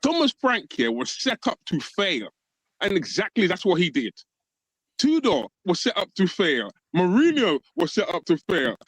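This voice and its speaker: Panel guest, man, high and very animated, dry close sound, emphatic. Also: normal speed, husky, no room sound, rough recording. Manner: emphatic, keeps calling others brother. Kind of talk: livestream fan chat.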